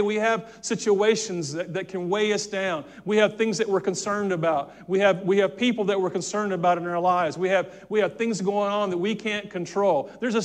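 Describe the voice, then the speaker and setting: A man with a notably high voice delivers an earnest sermon from a church pulpit. He stumbles and restarts his phrases often as he works through his points. He pauses to have the congregation repeat key words back to him. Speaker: pastor. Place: church sanctuary.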